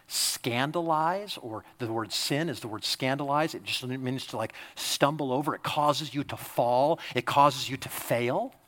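A male pastor preaching a sermon, emphatic, swinging between loud exhortation and quiet, confiding asides. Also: medium pitch.

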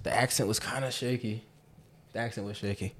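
A young man rattles through his points at a quick clip, animated and opinionated. His voice sits at an ordinary middle pitch, loose with slang as he co-hosts a casual chat. He talks like he is sure he is right. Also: a crowd in the background.

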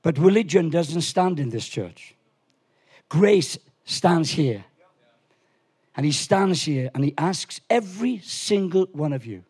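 A man preaching a lively sermon in a church, animated and swinging from quiet asides to shouts. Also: on the high side, slow pace, breathy edge. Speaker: pastor.

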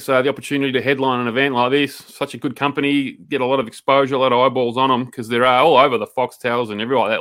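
Blokey Australian man with a bright voice. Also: mid-range voice. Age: 30s. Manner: blokey, slangy, animated rants. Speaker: podcast co-host. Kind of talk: casual podcast chat.

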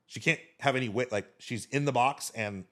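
A man telling a casual story as a podcast guest, animated and swearing freely, talking with his hands. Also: mid-range voice, moderate pace.

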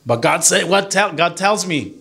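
A middle-aged man who is a deacon, giving an earnest, animated church talk to a group and mixing English with Spanish. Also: high voice, moderate pace, creaky.

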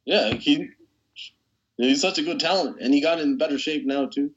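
A man's voice: a little high, breathy edge. Rambling man on a dull recording. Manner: rambling, halting, crude jokes. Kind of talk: casual chat.

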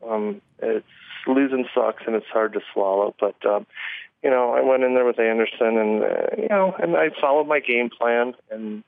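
A man on a phone call, his voice gravelly and low in fry. He talks in halting bursts, restarting sentences and chuckling between thoughts. The line is tinny and narrow, and the sound is dry. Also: no room sound. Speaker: MMA fighter guest. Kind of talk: phone interview.

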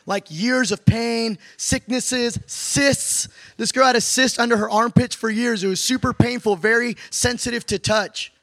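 A man preaching in a conversational teaching style, animated and playful with quick asides to his listeners. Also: very high voice, no echo, clean studio sound. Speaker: preacher teaching a class on prayer.

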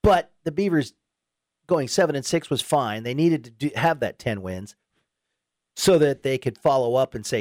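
A man hosting sports talk radio, his voice rising and falling a lot as he chats. He slips into high, excited voices when he plays out what fans say. The sound is close and dry, recorded in a studio. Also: moderate pace, no echo. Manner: animated, quotes imagined fans in raised voice. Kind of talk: casual sports radio chat.

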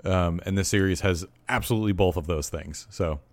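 Very low-voiced joking man. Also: fairly quick, dry recording. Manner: joking, deadpan quips, frequent restarts. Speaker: podcast co-host. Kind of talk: casual chat.

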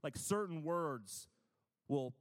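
A man's voice: a little high, lively intonation, slow pace, in a large hall. A man preaching a conversational sermon, chatty and self-deprecating, with frequent asides.

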